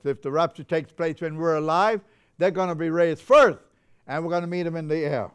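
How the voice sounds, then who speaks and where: A man's voice: on the high side, fairly quick, clean tone. An older man preaching a sermon in a chapel, fervent and getting carried away with joy.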